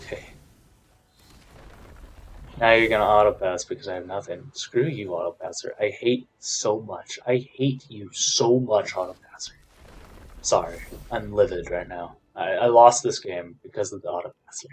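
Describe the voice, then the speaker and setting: A man giving casual commentary over a card game match, frustrated, swinging between loud complaints and quiet muttered counting. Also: fairly low pitch, normal speed, slight background noise.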